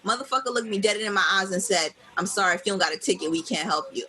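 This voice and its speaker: A woman's voice: medium pitch, fast talker, bright, forceful tone, slightly rough, low-quality recording. A woman from New York co-hosting a podcast, telling a story in casual chat, swearing often and acting out the other people in it. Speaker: podcast co-host.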